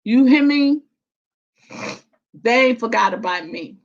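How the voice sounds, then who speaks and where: A woman chats on her livestream, greeting viewers as baby and child. Her voice sits a little high and she takes her time with every word. The stream audio sounds dull and lo-fi. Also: expressive, gravelly. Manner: warm, affectionate, drawn-out and emotional, calling viewers baby and child. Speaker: livestream host. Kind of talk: casual livestream chat.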